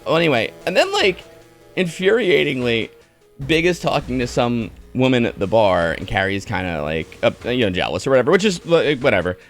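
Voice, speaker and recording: A man's voice: mid-range voice, big pitch swings, a little fast, faint music behind. A man casually recapping and mocking a film scene by scene, sarcastic and exasperated, swearing often and trailing off with fillers. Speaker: streamer reviewing a movie. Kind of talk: casual rant.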